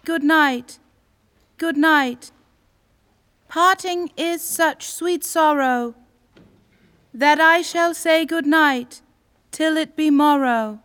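A woman playing a schoolgirl who recites Juliet's lines in a slow, halting way on a school stage. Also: sits high, fairly bright tone, in a large hall, heavily acted. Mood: reciting.

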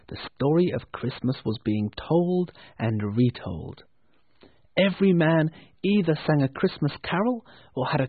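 A man narrating a storybook in a slow, expressive way. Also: a little high, gravelly, husky, no room sound. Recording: tinny phone-like sound.

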